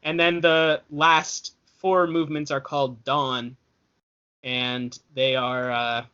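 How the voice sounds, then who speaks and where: Chatty young man, bright lo-fi voice. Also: mid-range voice, little pitch movement, slow pace, clear, resonant tone. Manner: rambling, self-correcting, chatty. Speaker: podcast co-host. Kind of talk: casual chat. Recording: dull lo-fi podcast audio.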